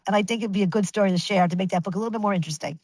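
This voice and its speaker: A woman in her fifties, a guest telling a long personal tale in a lively, chatty rush, full of restarts and little acted-out quotes. The sound is close and dry, with no room around her. Her pitch sits in an ordinary middle range. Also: very fast, no room sound, low-quality recording. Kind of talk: casual storytelling interview.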